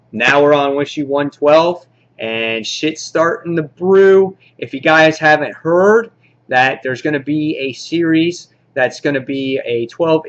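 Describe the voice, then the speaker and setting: A man casually reviewing a comic book, rambling excitedly and acting out the characters' lines. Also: medium pitch, lo-fi sound.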